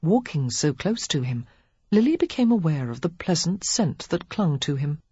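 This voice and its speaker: A woman reading a novel aloud as an audiobook narrator, telling it in an expressive, measured way. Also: low-pitched, husky, no echo, lo-fi sound. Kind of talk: scripted narration.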